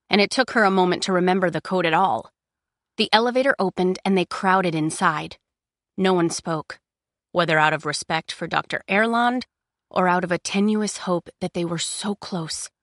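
A woman narrates a novel with measured, expressive pacing. Her voice sits slightly low. The recording is dry and close, with no room sound. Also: no room sound. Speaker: audiobook narrator. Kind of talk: scripted narration.

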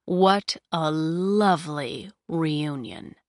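A cold, scornful sorceress drawls every word with silken contempt, voiced by a woman. Her tone sits low and slow. The sound is dry and close, with no room around it. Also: fairly bright tone, no echo. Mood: mocking. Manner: slow, sneering, drawn-out.

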